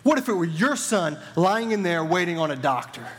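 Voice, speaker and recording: A man voicing an angry, frantic father of a sick boy, shouting and indignant. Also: high-pitched, sing-song, a little fast, in a large hall. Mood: furious.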